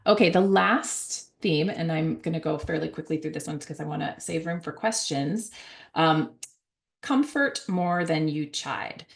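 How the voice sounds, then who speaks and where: A middle-aged woman speaks in a low voice with a gravelly, creaky texture. She gives a conversational talk as an author, with frequent fillers and self-corrections. Now and then she slips into higher voices to act out a parent or a child. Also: measured pace.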